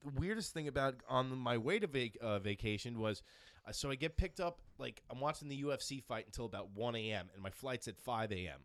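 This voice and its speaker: A man's voice: medium pitch, lively intonation, a little fast, fairly bright tone, dry recording. A man telling crude stories in casual chat, swearing often and acting out other people's voices. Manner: storytelling, acts out voices, swears a lot.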